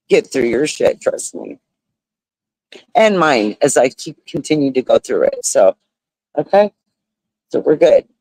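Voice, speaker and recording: A man's voice: medium pitch, darkish tone, dry recording, poor audio. Older guy from the states rambling on a phone livestream outside, emotional, keeps saying y'all, mid voice. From United States. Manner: emotional and rambling, laughs often, says y'all. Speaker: livestream host. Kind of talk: casual heartfelt livestream chat. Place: outdoors at a beach resort.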